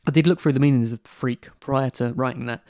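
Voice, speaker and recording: A man's voice: mid-range voice, steady tone, a little fast, a little mellow, dry recording, studio quality. A man hosting a podcast, reading a playful, flowery introduction and then chatting casually. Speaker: podcast host.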